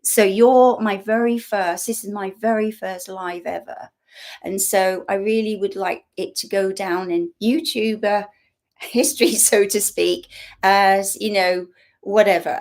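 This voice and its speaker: An English woman talking casually to viewers on a live stream at home. She rambles in a chatty way with frequent fillers, asides and soft laughter, at an ordinary middle pitch. Her voice is picked up by a built-in laptop microphone. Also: steady tone, measured pace. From England. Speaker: YouTube host.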